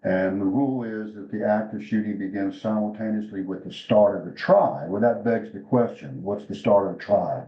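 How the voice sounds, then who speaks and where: A low-voiced man walks officials through basketball rules, loose and conversational, stopping and restarting often. His voice sounds roomy and a little muffled, as if picked up in a hall on a lo-fi mic. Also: normal speed. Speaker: clinic presenter for basketball officials. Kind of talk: rules instruction and discussion.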